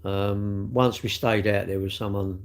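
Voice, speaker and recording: A man's voice: fairly low pitch, level tone, unhurried. A middle-aged man, chatting casually on a live stream and teasing viewers about their comments. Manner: jokey, teasing banter with chat.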